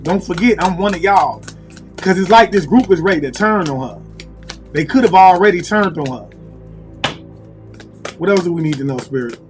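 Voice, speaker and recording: A man giving a casual tarot reading to viewers, talking in a musing, repetitive way and pausing to call on spirit. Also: sits high. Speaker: tarot reader.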